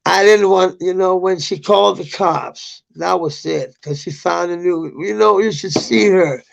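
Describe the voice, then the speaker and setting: A man's voice: high voice, a little slow, vocal fry, highs cut off. A middle-aged man telling a personal story in a rambling, profane way, with bitter outbursts.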